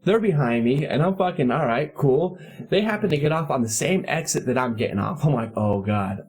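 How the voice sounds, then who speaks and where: A man in his thirties hosting a casual podcast chat, telling a profane story in an animated way and laughing often. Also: a little high, quick pace, slightly rough. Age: 30s. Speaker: podcast host.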